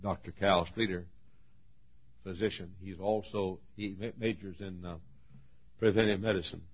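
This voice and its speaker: An older man preaching a sermon, telling stories emotionally and swinging from hushed tones to shouts. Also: sits low, fairly even intonation, moderate pace, breathy edge, dull audio. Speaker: pastor.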